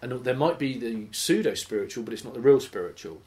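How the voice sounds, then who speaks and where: Man, Bible study leader, mid-pitched, conversational and lively teaching delivery. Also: brisk. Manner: conversational, animated, acts out imagined voices. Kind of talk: informal teaching sermon.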